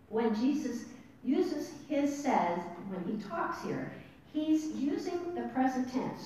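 A woman teaching a Bible study class, animated and asking her listeners questions. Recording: distant mic in an echoey room with rumble.

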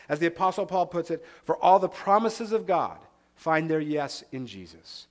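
A man's voice: fairly high pitch, expressive, moderate pace, a little mellow. A man preaching a sermon as pastor, earnest and conversational, with rhetorical questions to the congregation.

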